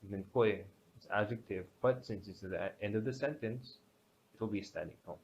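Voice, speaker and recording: A man teaching a grammar lesson, explaining step by step with many pauses and restarts. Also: on the low side. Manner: hesitant, many fillers and restarts. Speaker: language teacher. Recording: dull lo-fi sound with faint background hiss.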